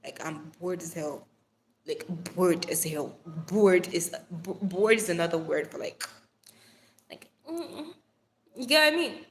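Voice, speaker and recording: A woman's voice: fairly low pitch, expressive, a little slow, slight background noise. A young woman hosting a casual live stream from her phone, bubbly and playful, chatting with viewers, calling them darling and swearing now and then. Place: Nigeria.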